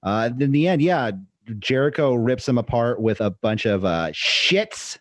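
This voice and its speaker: A man's voice: medium pitch, moderate pace, no echo, clean studio sound. A man co-hosting a wrestling review podcast, hesitant and reading from notes, with wry asides. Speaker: podcast co-host. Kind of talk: casual wrestling review chat.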